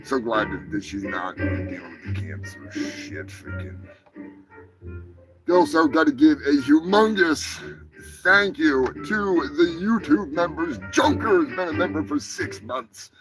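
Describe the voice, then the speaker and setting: A man hosting a crude comedic live show, brash and profane, rambling through shout-outs to his viewers. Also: on the high side, lively intonation, measured pace, loud music behind the voice, rough recording. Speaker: host.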